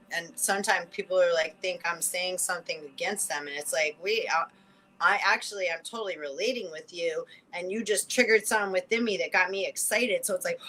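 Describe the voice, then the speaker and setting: A woman giving a spiritual card reading in a casual livestream chat, rambling and animated, full of "like" and quick laughs. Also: mid-range voice, poor audio.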